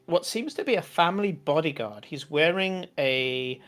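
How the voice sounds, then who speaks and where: A woman narrating as game master of a tabletop game, halting, with many fillers. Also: low voice, animated.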